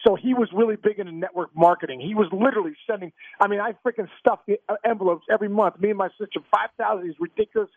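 Male guest, high voice, phone-line quality, eager stammering storyteller. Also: rapid-fire, hardly any pauses, no echo. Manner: animated, restarts and stammers, laughs through stories. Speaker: guest, former pro ballplayer. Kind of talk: casual storytelling interview. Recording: tinny phone-line sound, dry.

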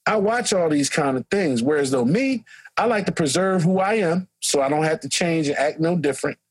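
A middle-aged man, a coach and co-host telling stories loudly and with animation in a casual podcast chat. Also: on the high side, a little fast, slightly rough, no echo, low-quality recording. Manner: loud, animated storyteller. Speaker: track and football coach, co-host.

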